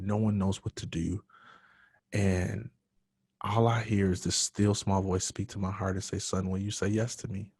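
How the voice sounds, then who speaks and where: A man with a very low voice tells his own story as a podcast guest, earnest and emotional. The sound is dry and close, with no room around it. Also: darkish tone, breathy edge, no echo. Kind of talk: personal storytelling in a podcast interview.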